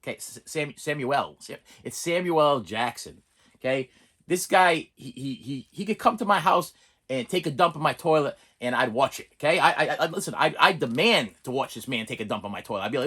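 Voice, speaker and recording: Here a middle-aged man, his voice medium-pitched, animated and a little quick, bright with a breathy edge, rambles casually through reviews of cheap movie discs. He stammers, restarts, cracks jokes, and breaks into off-key songs and impressions.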